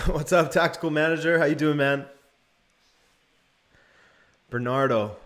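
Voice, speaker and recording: A man's voice: fairly high pitch, measured pace. Young man, casual live stream commentary, play-by-play, chatty replies to viewers. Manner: relaxed play-by-play mixed with chat replies.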